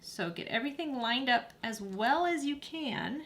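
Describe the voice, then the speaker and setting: A woman's voice: high voice, lively intonation, unhurried, very noisy. A woman hosting a sewing tutorial, giving friendly, practical step-by-step instructions while she works at her machine.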